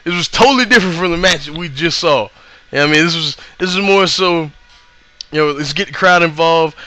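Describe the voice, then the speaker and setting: A young man with a bright, slightly high voice, rambling through a show recap. He is excitable and laughs a lot, with fillers and curse words, and his voice sounds worn from yelling. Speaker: vlogger recapping a live wrestling show.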